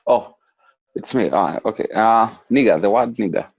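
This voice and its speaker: A man from Kenya talking in a casual chat, soft-spoken and a little hesitant. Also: lowish voice, normal speed, creaky, breathy edge, muffled recording.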